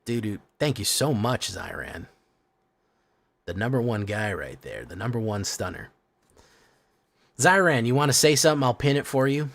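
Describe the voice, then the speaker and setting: A man's voice: mid-range voice, expressive, normal speed, creaky, long pauses, fairly bright tone. A man streaming a card game, chatting casually with viewers in a rambling, profane way. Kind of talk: casual live-stream chat.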